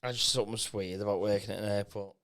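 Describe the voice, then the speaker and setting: A man's voice: lowish voice, steady tone, racing, a bit bright. A man hosting a casual podcast, making dry, wry interjections. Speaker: podcast host. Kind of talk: casual chat.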